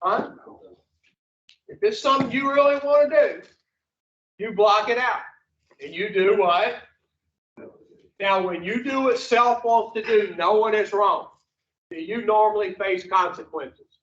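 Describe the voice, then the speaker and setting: A high-voiced man preaching to a recovery group, blunt and profane, tossing question after question at his listeners. He is heard from a distance in a roomy space, and the sound is dull and muffled. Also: unhurried, pauses often, fairly bright tone. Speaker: recovery speaker. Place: meeting room at an addiction recovery center.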